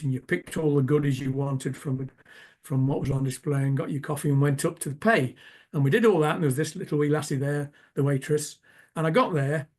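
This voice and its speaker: Guest speaker, English man in his seventies, anecdotal and wry, pitched a bit high. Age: 70s. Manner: humorous anecdotal storytelling. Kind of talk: club talk presentation.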